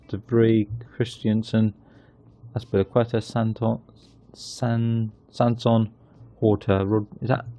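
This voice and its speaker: Male gaming host, gravelly and mellow, dry close sound, chatty commentary. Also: on the low side, dry recording. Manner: chatty, excitable when goals go in. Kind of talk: casual game commentary.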